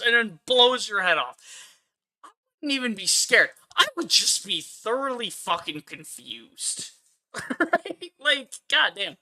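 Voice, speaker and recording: Bright, lively streamer guy. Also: very high voice, unhurried. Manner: laid-back, laughing, swearing. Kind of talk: casual gaming reaction chat.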